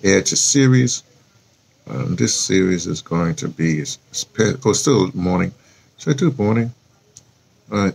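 A man's voice: low voice, vocal fry, slightly rough. A man with a New York accent talking casually and rambling to camera in a vlog, thinking aloud as he types a post. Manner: chatty, self-talk while typing a post, spells words aloud. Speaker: vlogger.

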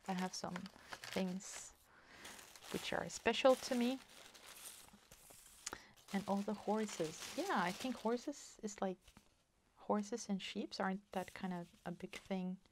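Slow, gravelly-voiced woman chatting softly. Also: mid-range voice, slight background noise. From Sweden. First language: Swedish. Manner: slow, soft-spoken, delighted. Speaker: crafting vlogger. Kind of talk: casual chat, opening a parcel.

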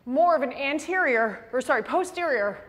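A woman fitness instructor leading a workout class, out of breath and slightly hoarse, counting reps aloud between heavy exhales. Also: high voice, expressive, moderate pace, a bit bright. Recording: long reverb in a big room.

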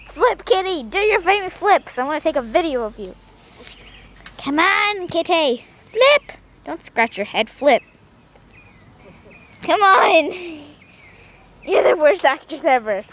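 A young woman films her cat outdoors with a handheld camera. She talks in a very high, sing-song voice, coaxing it in baby talk. A faint noise sits behind her.

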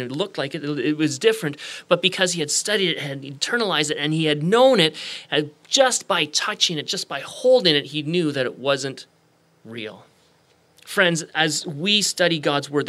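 Bright-voiced man preaching a sermon. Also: on the high side. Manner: storytelling preacher, acts out quoted voices. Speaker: guest pastor. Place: church sanctuary.

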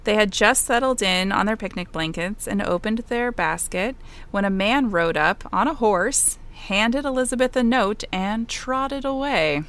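A woman's voice: medium pitch, animated, unhurried, a bit bright. A woman co-hosting a podcast, casually telling a history story from her notes, with asides and stumbles.

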